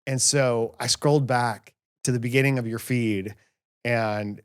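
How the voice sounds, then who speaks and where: A dad telling a funny home story. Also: male voice, mid-range voice, measured pace, clean tone. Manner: storytelling, animated and self-mocking. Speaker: podcast host. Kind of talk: casual family podcast chat. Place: home podcast studio.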